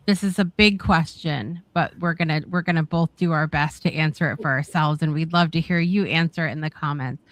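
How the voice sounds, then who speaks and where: A woman's voice: lowish voice, a bit bright, no room sound. A woman hosting a talk show, speaking reflectively with many fillers and restarts. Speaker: host. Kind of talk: reflective casual chat.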